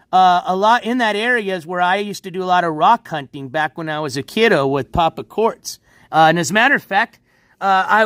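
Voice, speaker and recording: A high-voiced man rambles easily to his livestream viewers beside a backyard pool at night, chuckling often. The handheld phone catches a dry, close sound, and his voice comes across pushed and bright.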